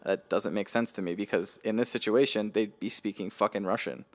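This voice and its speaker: Low-voiced casual podcast co-host man. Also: brisk. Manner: animated, swears casually, does mocking quoted voices. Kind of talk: casual chat.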